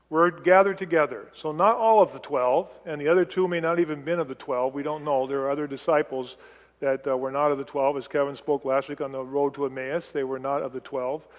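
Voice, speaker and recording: Middle-aged male preacher, conversational and chatty, higher-pitched, long hall reverb. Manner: chatty, acts out quotes, light laughs. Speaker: preacher teaching a Bible passage. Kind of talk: conversational sermon.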